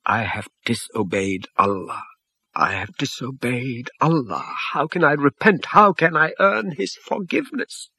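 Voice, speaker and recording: A man's voice: medium pitch, expressive, measured pace, gravelly, pushed and bright, slightly rough, no echo, voice pushed up, full character voice. A man voicing a distressed, repentant man who pleads in a breaking, rising voice. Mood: desperate.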